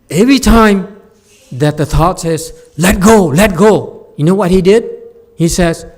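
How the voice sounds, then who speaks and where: Joking, animated man giving a sermon. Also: on the high side. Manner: animated, joking storyteller who acts out the characters. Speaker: Buddhist master giving a Dharma lecture.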